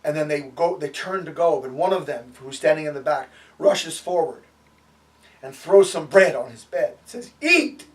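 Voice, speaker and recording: A man's voice: fairly high pitch, normal speed, recorded from a distance. A man giving a sermon and telling stories, with frequent fillers and acted-out quotes. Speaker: preacher.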